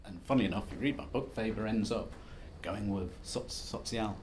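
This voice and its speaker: A man's voice: on the low side, fairly quick, a little mellow, slight background noise. Wry male academic giving a talk. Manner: self-deprecating, wry, conversational lecturing with restarts. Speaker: academic speaker. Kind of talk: conference presentation.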